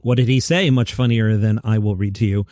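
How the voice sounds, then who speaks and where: A middle-aged man hosting a comedy news podcast from his basement, reading headlines and adding wry, animated asides. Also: on the low side, dry recording, clean studio sound. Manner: wry, animated, quick side comments. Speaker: podcast host. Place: home basement studio.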